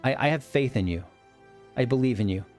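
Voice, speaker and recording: With faint music behind him, a man with a medium-pitched, slightly mellow voice comments briskly and with animation as he plays a video game. He's a let's play host whose talk is eager and wandering, often abandoned halfway through a sentence.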